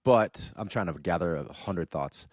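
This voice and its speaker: Man, podcast co-host, very low voice, measured, emphatic, dry sound. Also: animated, no echo. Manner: measured, emphatic build-ups. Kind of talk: podcast hosting and debate.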